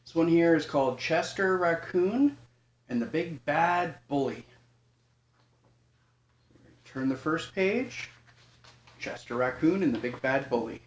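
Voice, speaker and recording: A father gently reading a bedtime story to his young son, speaking informally and stumbling and correcting himself now and then. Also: a little high, lively intonation, slow pace, pauses often. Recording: echoey room.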